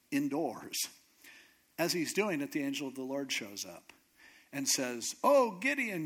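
A man delivering a sermon as relaxed, chatty storytelling. His voice sits a little high for a man, and he slips in wry asides as he goes. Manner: casual, conversational retelling with humor.

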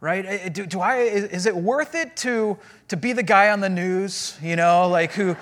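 A man preaching a sermon as a pastor, in animated, conversational storytelling. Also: high voice, normal speed, a little hiss or hum.

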